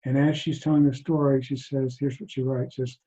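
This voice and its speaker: Male mindfulness teacher, soft and reflective, mid-pitched, muffled video call sound. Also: little pitch movement. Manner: soft-spoken, halting, many restarts. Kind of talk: reflective talk to an online group. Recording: dull lo-fi video call audio.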